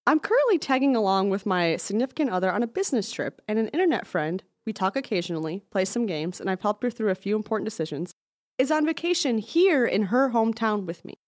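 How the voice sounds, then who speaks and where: A woman co-hosting a podcast, telling stories in a playful, animated casual chat. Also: medium pitch, fast talker, dry recording, clean studio sound. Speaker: podcast co-host.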